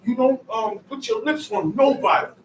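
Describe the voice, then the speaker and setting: A man's voice: very high-pitched, animated, normal speed, slight background noise. A man teaching a bible study class, explaining scripture in colloquial everyday speech and checking in with "okay?". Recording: echoey room, mic far off.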